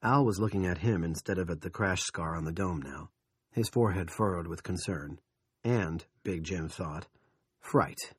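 A man reading an audiobook in measured, steady scripted narration. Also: sits low, husky, dry recording, studio quality.

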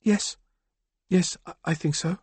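Brief: male reader doing a brisk, businesslike woman, pitched up high, clipped and decisive. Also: steady tone, darkish tone, husky, no echo, full character voice. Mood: firm. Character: composed, calculating woman bar owner. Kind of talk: audiobook character voice.

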